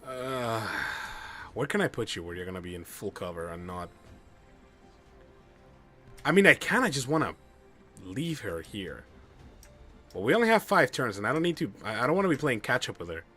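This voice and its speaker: A man streaming a game live, commenting excitedly and swearing at bad luck. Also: mid-range voice, normal speed, long pauses, faint music behind. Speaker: gamer streaming a playthrough.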